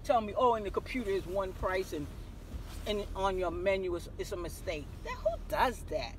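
A woman's voice: mid-range voice, normal speed. Woman ranting in her car, voice swings way up and down, faint car hum behind. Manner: animated storytelling, acting out dialogue. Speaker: vlogger. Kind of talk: car vlog rant. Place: inside a parked car.

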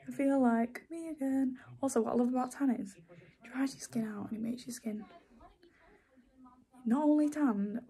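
A chatty woman with a slightly high voice talks casually to camera as a vlogger. She laughs a lot, swears freely, and now and then drops into a whispered aside. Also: dark tone. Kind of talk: casual chat.

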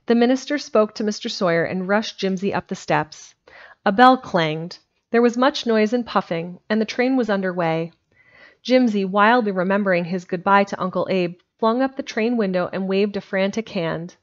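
A woman reading a storybook aloud in a steady, plain way on a home stream. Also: mid-range voice, moderate pace. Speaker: amateur audiobook reader. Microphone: home streaming microphone. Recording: dull lo-fi home recording.

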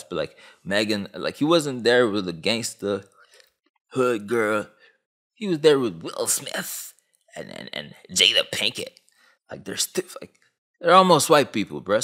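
A man in his twenties from Canada, a YouTuber delivering a comedic, slangy commentary rant. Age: 20s. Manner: animated, swooping pitch, slangy.

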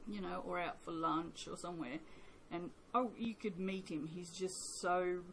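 A woman's voice: lowish voice, steady tone, normal speed, gravelly, fairly bright tone, slight background noise, rough recording. An Australian woman chatting casually as she makes soap at home, rambling and joking at her own expense. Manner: rambling, chatty, self-mocking. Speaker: soap maker. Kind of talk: casual vlog chat. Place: home workshop.

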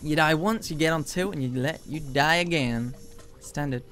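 A man's voice: fairly high pitch, normal speed, a bit bright. A man streaming a game, bantering with his chat and mock-scolding them between plays. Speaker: gaming streamer. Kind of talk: gameplay commentary. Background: game music.

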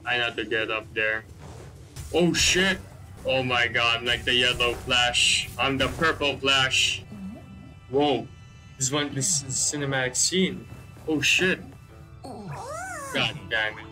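A man giving excitable let's-play commentary, swearing constantly and joking about the characters on screen. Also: medium pitch, a little slow, music in the background, low-quality recording. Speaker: gameplay commentator.

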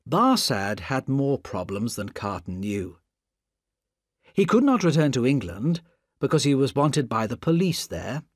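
A man from Indonesia reading a story aloud in a slow, deliberate way. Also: medium pitch, big pitch swings, no room sound, clean studio sound. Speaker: narrator.

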